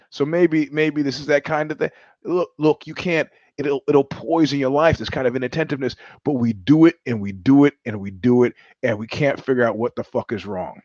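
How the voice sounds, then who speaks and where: A man's voice: medium pitch, darkish tone, no echo, dull audio. A middle-aged man from New York hosting a live-streamed show, telling stories in a blunt, profane, sardonic monologue. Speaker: host.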